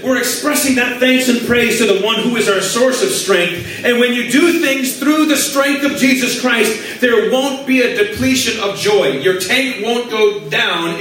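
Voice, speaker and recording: A man preaching a sermon, telling a story with animated voices for his own prayers. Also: high-pitched, a little hiss or hum. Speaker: pastor. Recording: echoey hall from far off.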